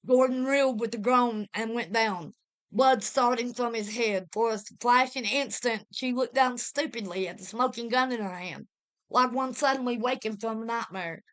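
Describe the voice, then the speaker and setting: A woman's voice: fairly high pitch, normal speed. A woman giving a vivid, dramatic reading of a pulp horror story. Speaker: reader.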